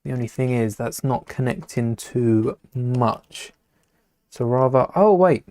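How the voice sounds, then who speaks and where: A man's voice: mid-range voice, animated, takes it slowly, darkish tone, no room sound. A man talking casually to a live stream as he builds with LEGO, rambling, muttering to himself and greeting viewers in chat.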